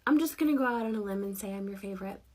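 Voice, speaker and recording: A woman in her thirties hosting a casual livestream, chatty and giggly, self-deprecating, sounding tired and low on energy. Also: rapid-fire, darkish tone. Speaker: network marketing livestream host.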